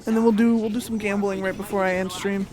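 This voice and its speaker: A woman streaming a game live, excitable and giggly as she chats with viewers and greets them. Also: medium pitch, fast. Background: game music.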